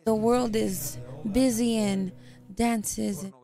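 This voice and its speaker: A woman interpreting a sermon into English live, speaking in short measured phrases with a gravelly voice. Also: medium pitch, fairly even intonation, mellow, soft background music.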